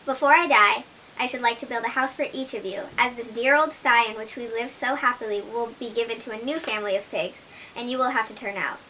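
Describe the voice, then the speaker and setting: A woman's voice: a little high, a little fast, sharp tone, a little hiss or hum, rough recording. A woman reading aloud voices an old, feeble mother pig who warns her children earnestly. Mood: pleading. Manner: earnest, warning storybook voice.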